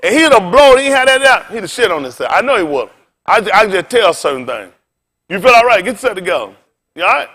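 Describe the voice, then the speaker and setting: A man's voice: high-pitched, very animated, quick pace, pushed and bright. A male pastor preaching an informal sermon, folksy and colloquial, telling stories and quizzing the congregation.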